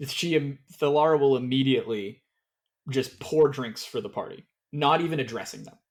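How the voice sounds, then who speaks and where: A man running a tabletop game as game master, explaining the scene in a calm, measured way. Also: mid-range voice. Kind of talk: tabletop game role-play.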